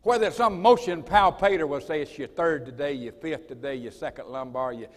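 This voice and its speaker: A man's voice: on the high side, fairly quick. An older man telling a folksy, emphatic story as a speaker at a college assembly. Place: school assembly hall. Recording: long reverb of a large hall.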